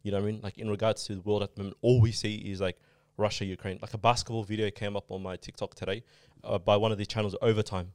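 Fast-talking man in casual podcast chat. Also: lowish voice, flat delivery, a little mellow, clear, resonant tone, no room sound. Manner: rambling, explains with many fillers. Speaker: podcast co-host.

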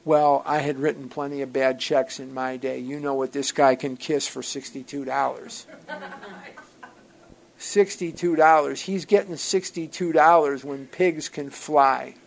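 A man telling a personal story to a group at a recovery gathering, in an animated, wry way that swings from loud outbursts to quiet asides. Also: medium pitch, measured pace, creaky, slight background noise, low-quality recording. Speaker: speaker sharing at a recovery program gathering.

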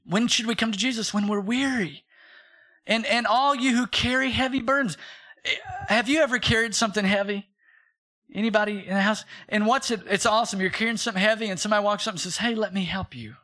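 Bright-voiced, animated male pastor preaching. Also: high-pitched, fast talker. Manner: animated storytelling with acted quotes, calls for congregation response. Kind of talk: sermon.

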